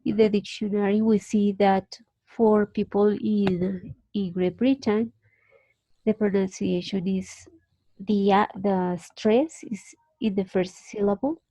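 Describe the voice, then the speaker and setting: A woman's voice: medium pitch, fairly even intonation, dark tone, no echo, dull audio. Colombian woman teaching English, patient. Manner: patient, explains slowly with restarts. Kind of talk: online class explanation.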